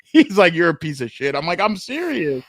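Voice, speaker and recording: A man co-hosting a casual sports talk show, telling stories with animated, profane banter and acting out quotes. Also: fairly high pitch, quick pace, no room sound, studio quality. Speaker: co-host.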